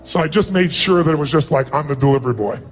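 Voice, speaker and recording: A man's voice: on the high side, fast, faint music behind. A man giving a motivational speech, telling a personal story in an earnest, emphatic way. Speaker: motivational speaker.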